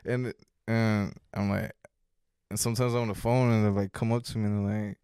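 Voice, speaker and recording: Animated young man telling a story. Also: lowish voice, fairly quick, smooth, no room sound, clean studio sound. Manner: animated, heavy swearing, reenacts quotes loudly. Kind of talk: casual storytelling.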